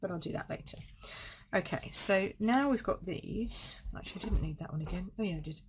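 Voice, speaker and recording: Her voice is on the low side and a little fast, with slight background noise behind it. The woman is presenting a card-making demo live from a desk setup, chatting, voicing her thoughts, and amending what she says as she works.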